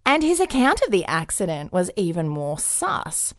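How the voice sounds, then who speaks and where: A woman tells a true crime story on a podcast in a fairly low voice that swings widely up and down as she jokes. Her delivery is casual and punny, with bits of playful acting. The sound is close and dry, with no room echo. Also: normal speed. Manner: jokey, punny, lively storyteller.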